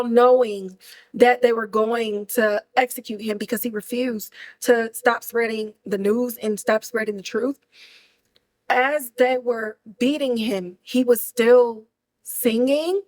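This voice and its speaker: A woman hosting a podcast, recapping a film in animated, slangy, casual chat. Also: fairly high pitch, slow, rough recording. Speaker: podcast host reviewing a film.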